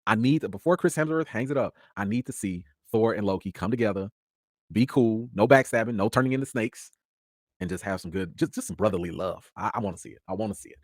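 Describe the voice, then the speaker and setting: A young man, chatting casually as host of a review show, his energy swinging between excitement and tired mumbling. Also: on the low side, a little fast, no room sound, clean studio sound.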